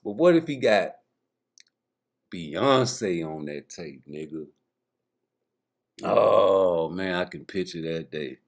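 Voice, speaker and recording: A man's voice: deep voice, animated, slow, vocal fry, pauses often. A man riffing in an improvised comedic bit, swearing freely and laughing constantly. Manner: profane, laughs constantly, mimics voices.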